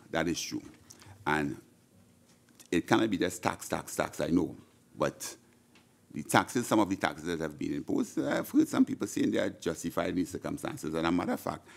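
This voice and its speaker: His voice is low and gravelly. In the senate chamber, this middle-aged man from Trinidad and Tobago, with a Trinidadian accent, passionately delivers a budget speech into a desk mic, often repeating himself and restarting.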